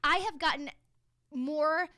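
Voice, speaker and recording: A young woman from Texas, a guest in a studio, telling stories in casual chat, chatty and animated. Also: takes it slowly, no room sound. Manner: animated, chatty, swings into high voiced impressions. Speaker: guest fashion designer.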